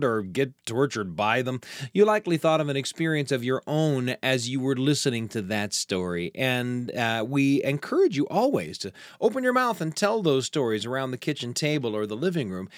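Male host, slightly higher voice, dry close studio sound. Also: dry recording. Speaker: radio show host. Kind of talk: scripted program hosting.

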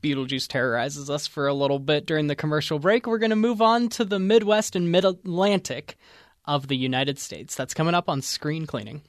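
A man's voice: fairly high pitch, a little fast, no echo, studio quality. A man co-hosting a casual movie talk show with an upbeat, radio-style delivery. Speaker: co-host. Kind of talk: casual chat.

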